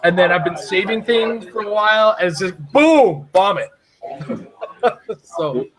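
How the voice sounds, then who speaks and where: A man hosting a casual chat who rambles excitedly and laughs often. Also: high-pitched, unhurried, crowd noise, rough recording. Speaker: podcast host.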